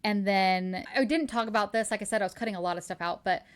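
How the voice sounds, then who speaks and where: A woman hosting a book podcast, retelling a novel's plot in a casual, animated way and acting out the characters' quotes. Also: medium pitch, quick pace, clear, resonant tone. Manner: animated retelling, acts out quotes, laughs often. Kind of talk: casual book recap chat.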